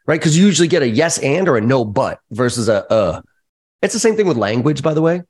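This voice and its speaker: A middle-aged man, a podcast guest and sales trainer, telling lively stories in casual, profane chat. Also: medium pitch, quick pace, slightly rough. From United States. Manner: animated storyteller, casual and profane, acts out quoted voices.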